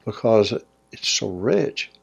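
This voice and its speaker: A man's voice: lowish voice, animated, slow pace, creaky, breathy edge. A man in a casual interview conversation, mostly offering short agreements and brief remarks.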